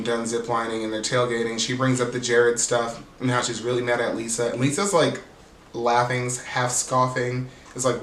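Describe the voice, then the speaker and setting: A man's voice: medium pitch, fairly bright tone, far from the mic. A man hosting a casual, sassy reality TV recap, swearing freely and mimicking cast members. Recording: roomy, off-mic sound with faint background hiss.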